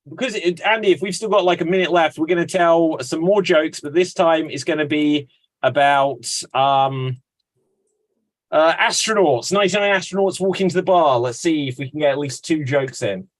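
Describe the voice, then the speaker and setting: A man hosting an online improv game over a video call, brisk, playful and teasing. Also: fairly high pitch. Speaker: host.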